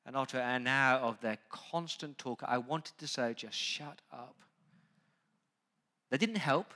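A man preaching a sermon. He talks straight to the congregation and moves from quiet, conversational asides to loud, urgent emphasis. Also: mid-range voice, normal speed. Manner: conversational, asks the congregation direct questions. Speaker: pastor.

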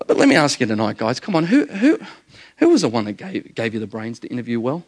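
A middle-aged pastor preaches a sermon with animated storytelling, often repeating words and addressing his listeners as "guys." His voice is medium-pitched, and he talks fast.

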